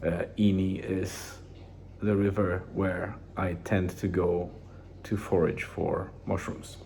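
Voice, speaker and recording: Low, dark-voiced man rambling casually. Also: slow pace, gravelly, slight background noise. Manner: rambling, relaxed, with many restarts and fillers. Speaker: vlogger. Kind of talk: casual daily journal vlog.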